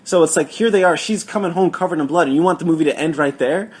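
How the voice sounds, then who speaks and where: Fast-talking man on a film podcast. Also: fairly high pitch, slightly rough. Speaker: podcast co-host. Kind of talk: casual film discussion.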